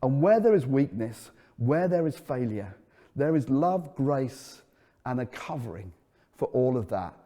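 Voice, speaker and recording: A middle-aged man preaching a sermon as a pastor, telling stories and dropping into a soft, earnest tone. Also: medium pitch, sing-song, measured pace. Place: church. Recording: echoey hall. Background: long hall reverb.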